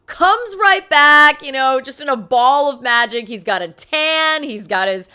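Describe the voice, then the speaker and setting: A woman casually retelling a film's plot as a reviewer, chatty and enthusiastic, tossing in quick character quotes. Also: high-pitched, bright, forceful tone, smooth. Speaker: movie reviewer.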